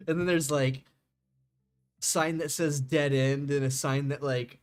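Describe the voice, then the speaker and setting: A man's voice: a little high, fairly even intonation, a little slow. Young man rambling on a game stream. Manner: rambling, laughing, swears freely. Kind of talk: casual stream chat with viewers.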